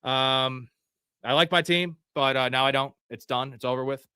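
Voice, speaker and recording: Profane, excitable man streaming a draft. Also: mid-range voice, moderate pace, clear, resonant tone, dry recording, studio quality. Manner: profane, frustrated, outbursts of yelling. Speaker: fantasy football live show host. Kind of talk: live-streamed draft commentary.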